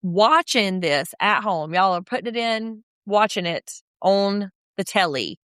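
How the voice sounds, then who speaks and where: A woman co-hosting a podcast talks with wide swings in pitch and keeps dropping into little voices to quote the people she describes. The sound is close and dry, with no room around her. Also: measured pace, clear, resonant tone, dry recording. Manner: animated, slips into quoted voices. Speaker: podcast co-host. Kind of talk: casual recap chat.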